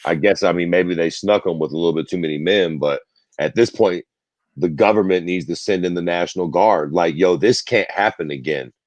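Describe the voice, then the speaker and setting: A man's voice: low voice, fairly quick, a little mellow, no room sound. A man co-hosting a casual talk show, ranting bluntly with heavy swearing. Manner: blunt and profane, drawling rants. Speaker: podcast co-host. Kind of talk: casual chat about current events.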